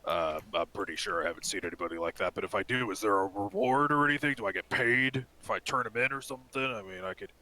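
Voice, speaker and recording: A shifty half-orc bartender, greedy and evasive, mumbling and stammering through his answers, as a man plays him at the game table. The voice is lowish and bright, with a forceful edge. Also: fast, hardly any pauses.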